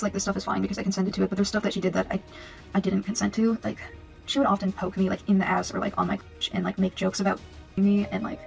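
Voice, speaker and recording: A young man talks quickly in a flat, heavily gravelly voice. He is hesitant and apologetic and stops often to gather himself. He is giving a personal statement to camera. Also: high-pitched, rough recording. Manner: hesitant, filler-heavy, apologetic. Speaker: video creator.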